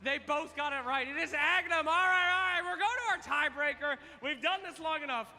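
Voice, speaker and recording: Man, live stage quiz host, energetic, teasing, very high pitch, long hall reverb. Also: fairly quick. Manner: energetic, teasing, calls out to the crowd. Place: large event hall on stage.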